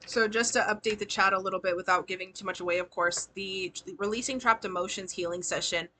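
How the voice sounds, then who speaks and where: A woman's voice: mid-range voice, steady tone, quick pace, sharp tone, slight background noise. A woman giving tarot readings on a live stream, chatty and slangy, laughing often as she talks to her sitters. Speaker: tarot reader and spiritual healer.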